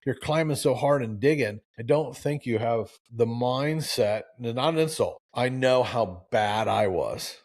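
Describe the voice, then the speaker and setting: A man's voice: mid-range voice, a little slow, hardly any pauses. Fired-up preachy man in his forties. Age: 40s. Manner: preachy, animated, lots of restarts and acted-out quotes. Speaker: show host. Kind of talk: fired-up live talk show.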